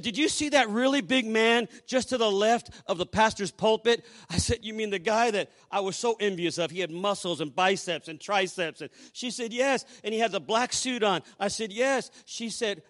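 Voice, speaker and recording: This is sermon storytelling from a pastor with a high voice. Addressing the congregation, he moves between quiet asides and loud exclamations.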